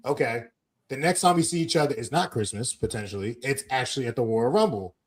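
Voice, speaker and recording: Blunt animated man ranting on a podcast. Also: mid-range voice, moderate pace, slightly rough. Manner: blunt, animated, mimics wrestlers mid-rant. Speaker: podcast co-host. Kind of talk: casual wrestling chat.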